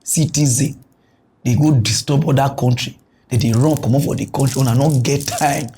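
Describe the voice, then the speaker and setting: A man with a Nigerian Pidgin English accent hosting a satirical comedy news show, ranting animatedly and switching between loud outbursts and low mutters. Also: steady tone, moderate pace, slight background noise.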